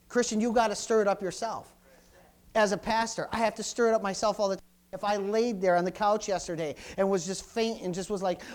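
A man pastor preaching a sermon, building to loud, fervent surges and then dropping low and quiet.

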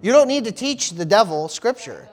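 A man's voice: high-pitched, very animated, moderate pace. A man preaching a sermon as pastor, often stopping for amen, praise the Lord and hallelujah, repeating words as he goes. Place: church service.

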